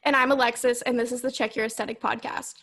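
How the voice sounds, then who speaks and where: High-voiced teasing young woman. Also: steady tone, quick pace, fairly bright tone. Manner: teasing, lots of "like" and "um". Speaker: podcast co-host. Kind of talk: casual chat.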